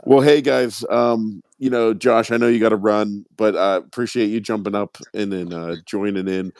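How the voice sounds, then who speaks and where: Pittsburgh man, podcast host, low voice, rambling, fillers, dry sound. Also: fairly even intonation, darkish tone, dry recording. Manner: rambling, halting, many fillers. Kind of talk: casual podcast chat.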